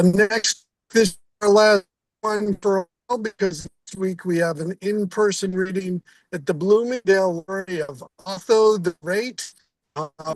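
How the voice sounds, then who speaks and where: A man's voice: sits high, no echo. A man hosting a reading group on a video call, chatting in a rambling way with frequent restarts. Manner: rambling, laughing, restarts sentences. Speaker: organizer and host of a reading group. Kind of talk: casual wrap-up chat.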